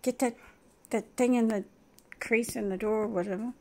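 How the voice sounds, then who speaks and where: A woman talking casually at home in a vlog, chatting to her dog and rambling with frequent soft laughs. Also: fairly high pitch, fairly even intonation, a little fast. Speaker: vlogger. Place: at home indoors.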